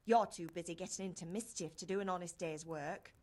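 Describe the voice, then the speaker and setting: A woman's voice: lowish voice, fairly even intonation, brisk, crowd noise, lightly acted. An actress playing Henry's mother, a caring village woman who nags her son fondly. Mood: scolding. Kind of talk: game character dialogue.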